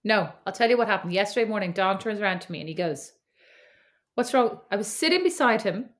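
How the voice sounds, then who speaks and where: A woman co-hosting a podcast with her sister, chatting casually, wry and quick to laugh, swearing freely. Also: mid-range voice, animated, a bit bright. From Ireland. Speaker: podcast co-host. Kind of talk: casual chat. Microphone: remote recording call.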